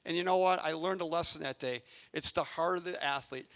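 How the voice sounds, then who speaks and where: A man who coaches youth sports, telling a coaching story to a community audience and acting out his own yelling from the sidelines. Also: a little high, a little fast. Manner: animated, acts out yelling in his stories. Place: arena event space.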